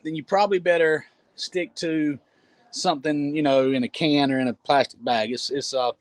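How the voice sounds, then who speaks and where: A man telling a travel story in a casual, animated way, often laughing and repeating words as he goes. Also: a little high, moderate pace. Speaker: storyteller guest. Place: Jamaica.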